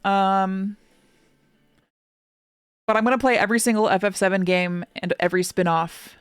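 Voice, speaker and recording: A woman streamer reacting to a game on a live stream, chatting casually and gushing excitedly, her talk full of "like" fillers. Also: mid-range voice, moderate pace, smooth, no room sound, studio quality.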